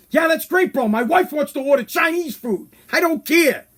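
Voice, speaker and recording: A man's voice: very high-pitched, lively intonation, moderate pace, few pauses, fairly bright tone. A man hosting a podcast, giving a blunt, profane opinion rant. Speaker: podcast host. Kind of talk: casual opinion monologue.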